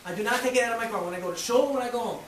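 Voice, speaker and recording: A man in his thirties teaching a rabbi's class on parenting, lively and laughing, acting out voices as he talks. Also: very high-pitched, rapid-fire. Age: 30s. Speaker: rabbi, guest speaker. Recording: roomy, from a distance, faint noise.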